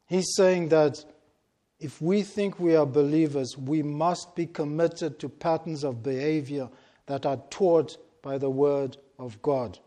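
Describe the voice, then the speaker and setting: A man delivering a sermon at an unhurried, measured pace, leaning hard on his key words and letting long pauses sit between phrases. His voice is mellow and dark in tone, pitched somewhat higher than most men's. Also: fairly even intonation. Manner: slow, deliberate and emphatic, stressing key words with long pauses. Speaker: preacher.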